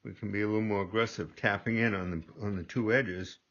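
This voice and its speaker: An older man demonstrating gunsmithing in a workshop, talking slowly and rambling, repeating himself as he works. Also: on the low side, steady tone, fairly bright tone. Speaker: gunsmithing instructor. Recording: dull lo-fi audio.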